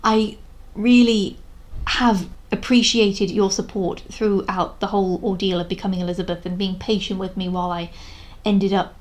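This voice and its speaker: A woman's voice: mid-range voice, steady tone, normal speed. A young woman giving a casual vlog commentary, talking frankly and rambling with many restarts, sounding exasperated. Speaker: video creator reviewing a historical drama.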